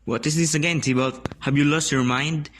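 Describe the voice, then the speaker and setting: A man's voice: on the high side, fairly even intonation, normal speed, a bit bright, slight background noise, close to an everyday voice. A man playing a defiant young man who scoffs at his rival in an amateur school play. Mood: scornful.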